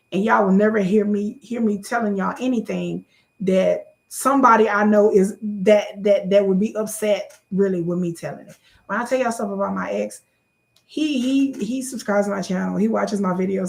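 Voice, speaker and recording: A woman vlogger chats to her viewers in a loose, sassy, joking way. Her voice has a gravelly, fry-laden edge and middling pitch, and it shoots up high when she gets excited. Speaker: YouTube creator. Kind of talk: casual chat to camera.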